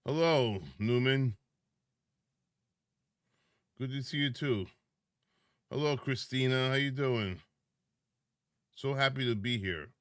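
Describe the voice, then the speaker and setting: A man chatting casually with viewers on a live stream, sleepy and yawning, greeting people by name in drawn-out words. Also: medium pitch, a bit bright, dry recording, studio quality.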